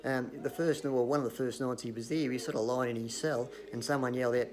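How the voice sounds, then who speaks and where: A man's voice: medium pitch, steady tone, fast, a little mellow. A man with an Australian accent telling rambling, swear-filled jokes to camera and laughing at his own gags. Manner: hesitant fillers and restarts. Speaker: comedic vlogger.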